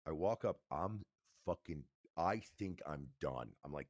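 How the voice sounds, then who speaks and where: A man's voice: low voice, lively intonation, moderate pace, a little mellow, dry recording, studio quality. A man co-hosting a podcast, telling a personal story in a casual, emphatic way and swearing now and then. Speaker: podcast co-host.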